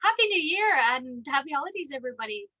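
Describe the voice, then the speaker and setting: Woman podcast host, high voice, giggly, chatty, dry close mic. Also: big pitch swings, fast, no room sound, dull audio. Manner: giggly, chatty, lots of ums. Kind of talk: casual podcast chat.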